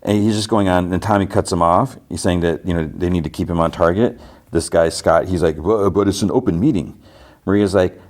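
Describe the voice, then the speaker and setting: Man, deep voice, podcast host, casual recap, loose quoted dialogue. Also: a little mellow. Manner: retells scenes with loose quoted dialogue and asides.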